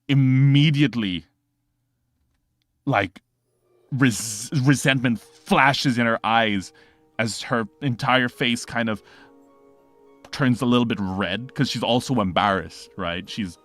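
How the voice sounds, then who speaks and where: A man's voice: medium pitch, slow, pauses often, a bit bright, no echo, faint music behind. A man narrating a tabletop game as game master, in a loose, rambling way.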